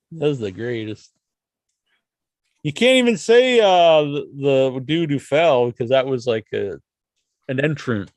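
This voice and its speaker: A man's voice: mid-range voice, very animated, takes it slowly, pauses often, no echo. A man co-hosting a wrestling podcast, reading listener questions and joking around with a laugh. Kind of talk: casual chat.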